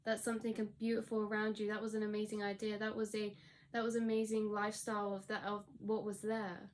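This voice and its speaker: A woman's voice: medium pitch, completely flat delivery, brisk, a little hiss or hum. Woman giving a rambling tarot reading. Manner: rambling, storytelling with restarts and quoted inner voices. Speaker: tarot reader. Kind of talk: channeled tarot reading monologue.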